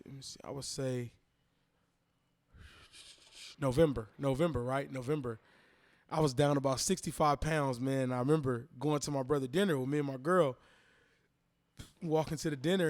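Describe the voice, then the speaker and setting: A man in his thirties, a podcast guest, telling a personal story in a casual, animated way and acting out the voices he quotes. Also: mid-range voice, brisk. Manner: animated, acts out quoted voices, repeats phrases.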